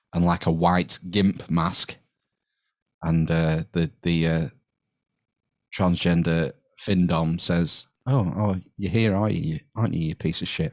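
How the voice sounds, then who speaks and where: Deep-voiced, laid-back British man. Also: no echo. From United Kingdom. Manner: laid-back storyteller, swears and laughs easily. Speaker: podcast guest or co-host. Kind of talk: casual podcast chat.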